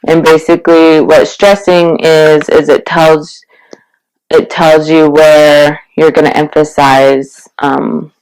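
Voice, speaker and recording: A woman giving a casual video-blog language lesson, explaining slowly and relaxed, with many fillers. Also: low voice, smooth, low-quality recording. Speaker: language teacher.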